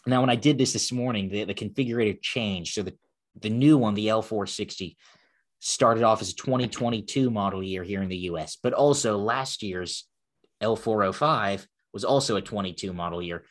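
A man chatting casually about cars as co-host, relaxed and full of quick restarts. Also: on the low side. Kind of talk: casual car chat.

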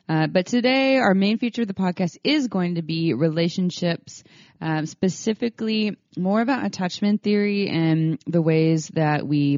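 A woman's voice: deep voice, a little mellow, dry recording, muffled recording. A woman co-hosting a podcast, talking casually with many fillers and restarts. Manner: chatty, lots of fillers and restarts. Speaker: podcast co-host.

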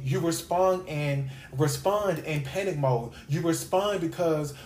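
A man's voice: fairly high pitch, measured pace, hardly any pauses, a little mellow, roomy sound, a little hiss or hum. A man giving a sermon-style podcast talk as host and Bible teacher, emphatic and repetitive, piling up lists of questions.

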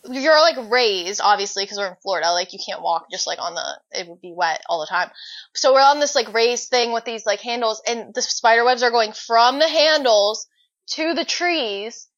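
A young woman co-hosting a podcast, telling a story in an animated, dramatic way. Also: a little high, moderate pace. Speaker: podcast co-host. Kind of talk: casual chat. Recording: dull lo-fi recording.

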